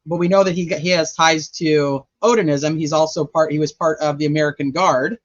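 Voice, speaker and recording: Brisk and steady in tone, the man's fairly high voice carries casual livestream commentary for his true crime channel, where he rambles chattily and thinks aloud while checking notes. The recording is dry, with the highs cut off.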